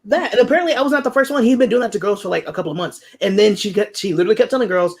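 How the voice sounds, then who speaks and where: A woman's voice: mid-range voice, rapid-fire, hardly any pauses. A young woman telling stories in casual chat, acting out the voices of people she quotes. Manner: animated, acts out quoted voices.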